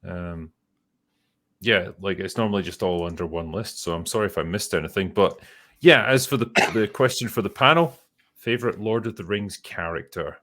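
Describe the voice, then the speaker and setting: Deep-voiced, blunt male host. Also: normal speed, a bit bright. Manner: blunt, swears freely, laughs often. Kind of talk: casual panel chat.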